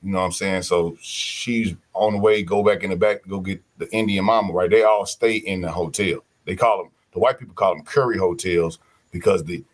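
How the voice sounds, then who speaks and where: A man telling stories in casual podcast chat, animated, slangy and profane. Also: deep voice, brisk.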